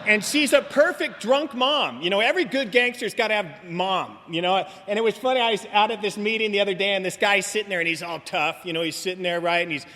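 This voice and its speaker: A man in his forties with a high voice tells his recovery story to a meeting crowd, joking and rambling. He keeps asking "you know what I mean?" His voice rings with a long hall echo. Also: fast, few pauses, pushed and bright. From Southern California. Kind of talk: humorous recovery talk to an audience. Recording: live talk with long hall reverb.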